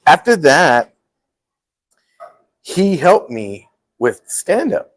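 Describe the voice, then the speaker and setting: Speaking extremely slowly in a fairly high voice, a middle-aged man hosts a casual talk show and tells a story. He stays animated, acting out the quotes with laughs. The audio is poor.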